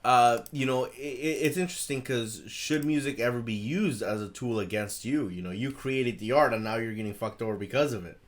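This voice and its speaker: A man co-hosting a casual podcast over a video call, talking loosely and excitably, swearing and laughing often. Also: medium pitch, brisk, few pauses. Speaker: podcast co-host.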